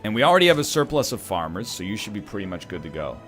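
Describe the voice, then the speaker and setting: A man's voice: on the low side, sing-song, racing, a bit bright, soft background music. A man from Canada giving casual gameplay commentary as a streamer, rambling with joking asides. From Canada (Ontario).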